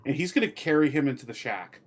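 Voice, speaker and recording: A man's voice: fairly high pitch, animated, fast talker. Man player describing actions. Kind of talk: casual tabletop game chat.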